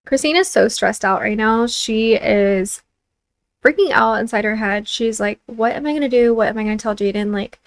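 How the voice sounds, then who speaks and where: A young woman chatting casually as she narrates a life-sim game for her channel, full of filler words. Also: on the high side. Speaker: let's play host.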